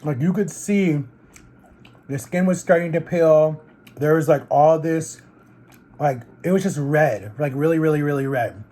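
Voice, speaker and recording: A man's voice: a little high, a little slow, dark tone. A man vlogging in a casual, rambling storytelling way while he eats, leaning heavily on fillers like "like" and "literally.". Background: eating on camera between sentences.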